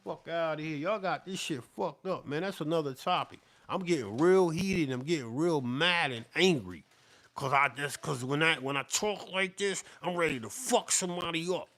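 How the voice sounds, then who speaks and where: A middle-aged beatmaker rants heatedly and profanely straight to camera, returning to the same points repeatedly at a moderate pace. His high voice has a bright, forceful edge, and he sounds fired-up and sweating as he keeps pushing on.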